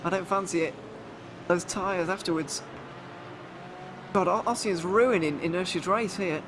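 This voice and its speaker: A man commentating a live sim race, chatty and quick to laugh. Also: sits high. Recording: background noise under commentary.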